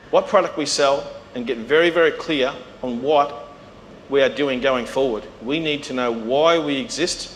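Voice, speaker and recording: Animated Australian man in a big hall. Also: fairly high pitch. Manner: animated, acts out quoted voices. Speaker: keynote speaker. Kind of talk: storytelling business talk. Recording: reverberant hall with faint noise.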